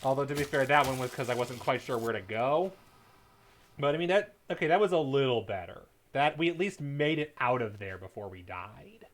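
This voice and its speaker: A man at a desk mic gives live gameplay commentary as a streamer, with a voice of ordinary middle pitch. He chats easily with his viewers and breaks into loud, excited yelling during tense moments. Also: moderate pace. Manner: chatty, talks to chat, bursts into loud excited yelling. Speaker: game streamer.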